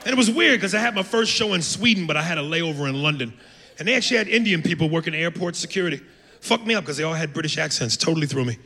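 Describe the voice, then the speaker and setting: An American man in a gravelly, fairly high voice telling brash, profane stories on stage. He jumps into animated bits as he goes. The live room has long reverb, steady noise and audience laughter behind him. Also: quick pace. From United States. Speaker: stand-up comedian. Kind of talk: stand-up routine. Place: comedy club stage.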